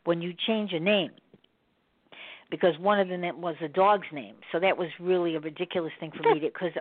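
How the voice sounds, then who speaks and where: A woman's voice: fairly low pitch, a little fast, no echo. A woman hosting a talk show, chatting casually in a rambling way and laughing often. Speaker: radio show host. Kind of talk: casual chat. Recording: phone-line audio.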